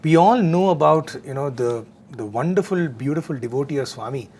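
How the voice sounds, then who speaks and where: A man talking earnestly about meditation and cheerfulness, often pausing with fillers. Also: a little high, lively intonation, darkish tone, a little hiss or hum. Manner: earnest, frequent fillers and restarts. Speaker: devotional talk speaker. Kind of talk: conversational spiritual talk.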